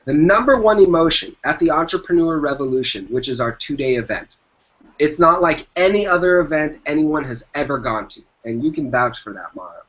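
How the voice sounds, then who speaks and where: A fairly quick, somewhat high male voice with lively intonation and a slightly bright tone belongs to an entrepreneur guest. During the interview he gives motivational business advice with emphasis and repeats his key phrases, recorded with dull lo-fi sound.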